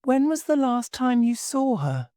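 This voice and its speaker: A woman reading the part of a serious, calm male police inspector who asks steady, polite questions in a graded story reading. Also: high-pitched, unhurried, dry recording, studio quality, voice pushed up.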